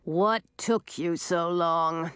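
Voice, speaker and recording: A woman's voice: lowish voice, a bit bright, smooth, no echo, clean studio sound. A woman voicing a nasty, sneering old male wizard in a storybook reading. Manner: sneering, drawn-out.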